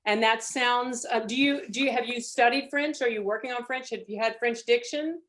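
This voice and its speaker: Middle-aged woman voice coach, warm encouraging masterclass talk, video call sound. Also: fairly high pitch, moderate pace. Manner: encouraging, demonstrates French lines aloud. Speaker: voice teacher leading a masterclass.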